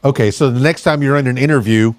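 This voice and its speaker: A man's voice: mid-range voice, fast talker, no room sound. Rambling, jokey male podcast host. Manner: rambling, jokey, many fillers. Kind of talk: casual interview chat.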